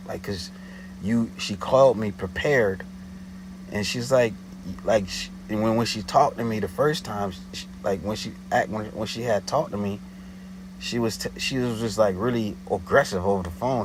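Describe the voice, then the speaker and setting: A man's voice: on the low side, noisy background. A man telling a story in a casual, slangy way, often checking "you know what I'm saying".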